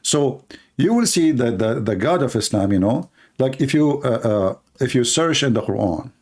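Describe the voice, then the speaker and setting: A man's voice: medium pitch, expressive, normal speed, a little mellow. A middle-aged man with an Arabic accent hosts a livestream. His talk is combative and scornful, and he often drops into voicing both sides of a little exchange. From Middle East. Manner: mocking, combative, acts out little dialogues. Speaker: livestream host. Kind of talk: polemical livestream monologue.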